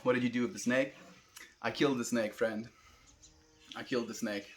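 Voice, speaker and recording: A young man with a South African accent talks to his livestream viewers in a calm, unhurried voice. His pitch sits in the middle range for a man, and he answers each chat message easily, warmly calling people friend. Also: slight background noise. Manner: calm, laid-back, calls viewers friend.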